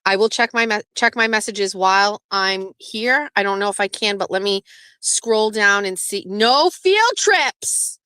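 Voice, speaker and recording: A woman's voice: medium pitch, fairly even intonation, normal speed, sharp tone, smooth, no room sound. A woman hosting a casual live stream, chatting loosely, swearing freely and reading viewer messages aloud. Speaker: livestream host.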